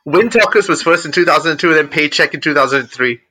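Bright, high-voiced man sharing film news. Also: fast talker, a little hiss or hum, poor audio. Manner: brings up film news, checks release years. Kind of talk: casual chat about films.

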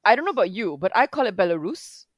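A woman's voice: on the high side, very animated, very fast, no echo, dull audio. A woman from the Balkans in casual podcast chat, telling stories animatedly and slipping into put-on voices.

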